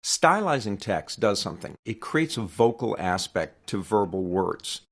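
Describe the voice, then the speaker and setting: Gravelly-voiced man teaching web design. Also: lowish voice, normal speed, hardly any pauses. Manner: conversational, expressive teacher who demonstrates inflection. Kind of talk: screen-recorded software tutorial.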